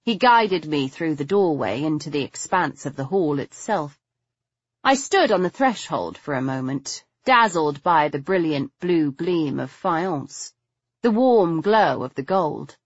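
Woman audiobook narrator, slow and expressive with a husky tone; dry, slightly dull recording. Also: sits low, dry recording. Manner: measured, expressive reading. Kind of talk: scripted narration.

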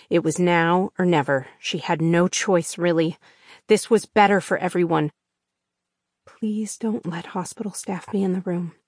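A woman narrating an audiobook in a measured, tense suspense reading on a close studio mic. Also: lowish voice, a little mellow, dry recording. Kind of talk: scripted narration.

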